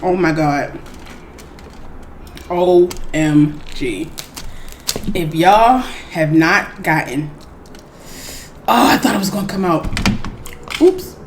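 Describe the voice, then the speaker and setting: A woman hosting an eating show, chatting casually and excitedly to her viewers, calling them y'all. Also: on the low side, slow pace, long pauses, slight background noise. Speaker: mukbang host.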